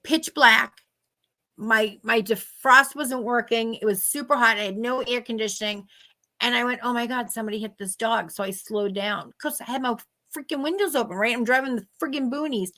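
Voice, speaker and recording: A middle-aged woman, telling animated stories in casual chat and acting out the people she quotes. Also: a little high, normal speed. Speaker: host.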